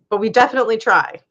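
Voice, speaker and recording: A woman hosting a casual live chat, reading viewers' comments aloud and laughing often. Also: on the high side. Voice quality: laughs often, chatty and animated. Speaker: livestream host. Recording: dull lo-fi livestream audio.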